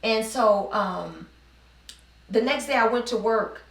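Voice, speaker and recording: A woman's voice: on the high side, slow, creaky, fairly bright tone. A middle-aged woman from New Orleans, telling her personal story in an earnest, heartfelt interview. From New Orleans, USA. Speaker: business owner interviewee. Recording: roomy sound, mic at a distance.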